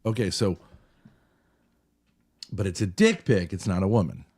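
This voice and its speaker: A man's voice: deep voice, animated, unhurried, darkish tone. A man chatting casually as a streamer reviewing his call-in, rambling, joking and provocative. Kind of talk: casual chat.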